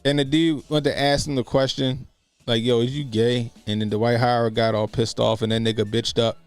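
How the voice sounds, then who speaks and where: Gravelly man ranting on a livestream. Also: medium pitch, fairly even intonation, a little fast, dry recording, soft background music. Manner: laughs often, rambling and profane. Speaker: livestream commentary host. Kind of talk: casual profane livestream commentary.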